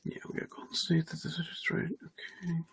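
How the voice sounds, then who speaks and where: A man's voice: a little high, completely flat delivery, moderate pace, creaky, husky. A man hosting a live trading card box break, reading player names in a chatty, easygoing way and laughing often.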